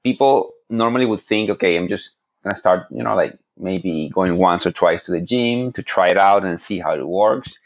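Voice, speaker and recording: A man's voice: deep voice, normal speed, no echo. A male co-host speaking encouragingly in a casual interview, with hesitant phrasing.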